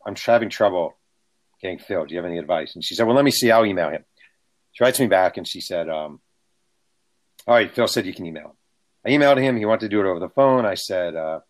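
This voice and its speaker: A man with a somewhat low voice spins anecdotes in relaxed talk. He is an author guest, animated, and slips into the voices of the people in his stories. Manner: animated, acts out quotes. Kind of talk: casual storytelling.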